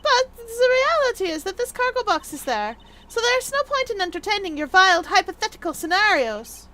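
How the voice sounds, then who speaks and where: A woman's voice: very high voice, very animated, normal speed, bright, forceful tone, a little hiss or hum, pitched above the performer's own voice, exaggerated voice. A woman voicing an arrogant young female prosecutor who snaps back with scornful, imperious retorts. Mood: scornful, indignant. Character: haughty, whip-cracking young female prosecutor.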